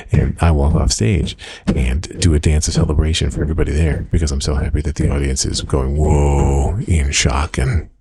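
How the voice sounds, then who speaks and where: A man's voice: extremely low pitch, fairly even intonation, brisk, few pauses, warm tone, husky, no echo. A middle-aged man hosting a casual solo diary podcast from his home office, rambling in a wry, self-mocking way with plenty of uh fillers. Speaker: podcast host.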